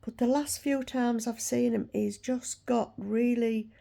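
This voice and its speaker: Gravelly-voiced woman in her sixties. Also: fairly high pitch, steady tone, unhurried, warm tone. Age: 60s. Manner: chatty, ranting, frank. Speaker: vlogger. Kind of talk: casual chat to camera.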